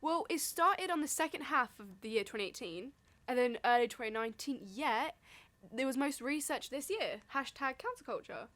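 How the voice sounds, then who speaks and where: A woman's voice: high-pitched, expressive, moderate pace, a bit bright. Chatty young woman podcast co-host. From England. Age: young adult. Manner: chatty, laughing, reads from notes. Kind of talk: casual chat.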